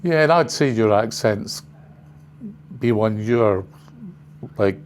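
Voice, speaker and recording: A man's voice: lowish voice, expressive, takes it slowly, a little hiss or hum. An older man giving a casual, rambling presentation to a class of trainers in a training room, full of side remarks. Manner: rambling, chatty, full of asides.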